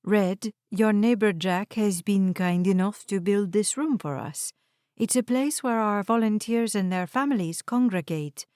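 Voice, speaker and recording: A woman's voice: medium pitch, a little mellow, no echo, natural voice. A woman voicing a polite woman who welcomes newcomers and explains a place in an audiobook, close to her own voice. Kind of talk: audiobook character voice.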